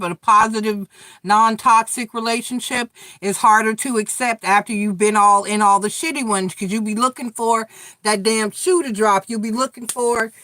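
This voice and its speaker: A woman's voice: a little high, sharp tone, no echo. A middle-aged woman hosting a casual live tarot chat, blunt and chatty, with frequent swearing as she talks straight to her viewers. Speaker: tarot reader and live stream host.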